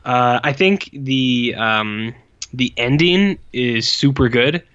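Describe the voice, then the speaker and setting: A man's voice: mid-range voice, lively intonation, slow, fairly bright tone, clean tone, highs cut off. A man in his forties co-hosting a podcast, chatting casually about an old film with rambling, profane asides and lots of fillers. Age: 40s. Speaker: podcast co-host. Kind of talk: casual film review chat.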